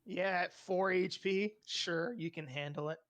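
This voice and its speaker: A man's voice: high voice, measured pace, a bit bright. A man running a tabletop game as dungeon master, laughing often and restarting his sentences.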